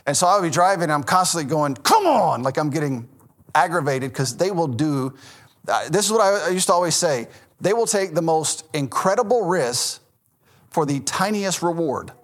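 A man's voice: a little high, animated, normal speed. A man in his thirties, a pastor with a Southern American accent, preaching in a conversational sermon, correcting himself and laughing at his own stories.

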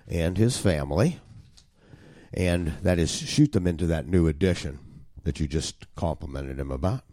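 A man's voice: low voice, darkish tone, no echo, clean studio sound. A man preaching an expository sermon, emphatic and wry, with sudden jumps in emphasis.

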